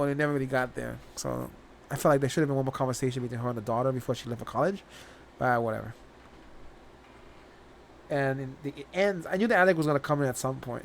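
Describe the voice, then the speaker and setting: Rambling man reviewing a show. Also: mid-range voice. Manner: rambling, restarts sentences, casual swearing. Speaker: reaction channel host. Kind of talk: casual spoken review.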